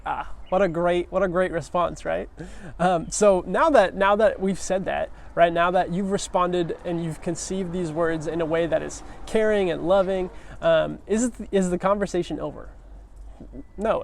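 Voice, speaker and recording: Earnest high-voiced man preaching casually. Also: vocal fry, a little mellow, slight background noise. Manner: earnest, conversational, many restarts. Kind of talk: casual sermon.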